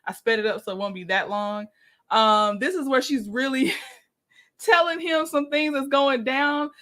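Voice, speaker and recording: A woman's voice: sits high, unhurried, fairly bright tone. A woman hosting a casual livestream, chatting, laughing often and greeting viewers by name. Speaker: livestream host.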